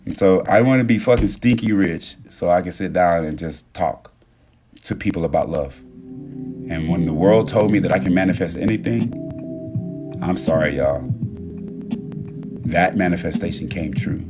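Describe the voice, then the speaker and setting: A man talking casually about love and energy on a phone live stream, animated and profane, swinging between loud bursts and low murmurs. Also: normal speed, pauses often. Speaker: TikTok live host. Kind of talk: casual motivational monologue. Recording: music playing clearly behind.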